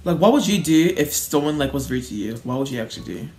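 A woman hosting a casual reaction video, talking in an animated way and laughing often. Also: deep voice, fast, faint music behind.

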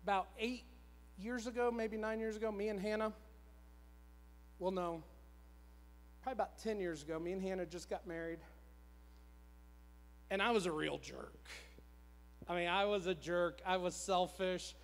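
A man's voice: sits high, steady tone, normal speed, long pauses. A man in his thirties preaching a sermon in a church, telling a personal story in a conversational, repetitive, self-deprecating way. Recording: long church hall reverb.

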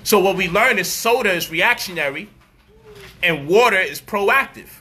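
A man delivering an animated, profane street-style commentary monologue, mocking people and acting out their voices. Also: sits high, normal speed, slightly rough.

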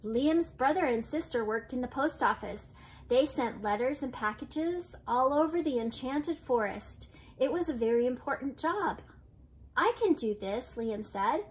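A grandmother reads a children's picture book aloud in a gentle storytelling manner, giving the characters light voices. She's an older woman with a high-pitched voice, lively intonation and a slightly slow pace.

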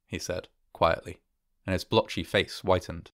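A man reads a classic horror story aloud in a measured, steady way. His voice sits low. The recording is dry and close. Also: creaky, no room sound. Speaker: narrator.

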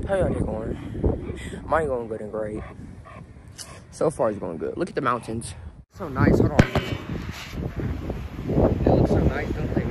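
A young man vlogging on his phone while walking his dog in a park, chatting excitedly to viewers in slangy casual talk. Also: mid-range voice, brisk, pauses often. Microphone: phone held in hand. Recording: outdoor phone audio with background noise.

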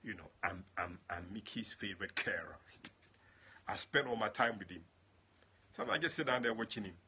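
A male prophet and pastor praying and then chatting affectionately with his online viewers, greeting them by name and jumping into high exclamations. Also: brisk, bright, forceful tone, slightly rough, dull audio. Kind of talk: livestream prayer and chat with viewers.

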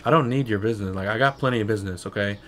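Streaming a shop game, a young man gives casual, sarcastic commentary, rambling and saying "bro" and "like" a lot. His voice is on the low side and very fast, with slight background noise.

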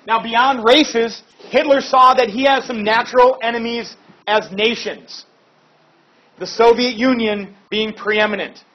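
Man, history teacher, casual lecture, high voice, breathy tone. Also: steady tone, measured pace. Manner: chatty, informal asides and fillers. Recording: dull lo-fi recording.

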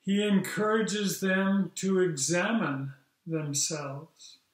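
Pastor, male, slow deliberate liturgical reading, slightly high voice, roomy church echo. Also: fairly even intonation. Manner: slow, measured reading with small fillers. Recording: echoey church room.

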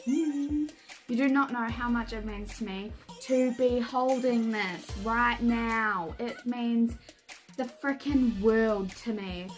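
Woman, beauty vlogger, high voice, gushing, giggly, slow-paced, music underneath. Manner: gushing and excitable, often giggling. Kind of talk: casual unboxing vlog.

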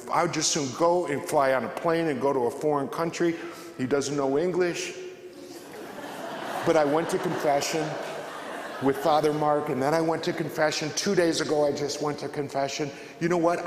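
A man addresses a church congregation with a fervent, emphatic testimony, often voicing his own prayers as if speaking them again. His voice sits at an ordinary middle pitch. The recording is roomy, with a long reverb trailing through the large church. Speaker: Catholic speaker giving a witness talk. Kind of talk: spoken testimony to a church audience.

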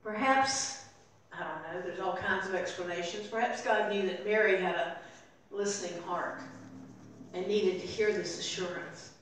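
An older woman preaching a sermon as pastor, telling the story and voicing its people softly. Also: medium pitch. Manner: storytelling, acting out voices softly in quotes. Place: church sanctuary. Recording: very echoey room, voice from far off.

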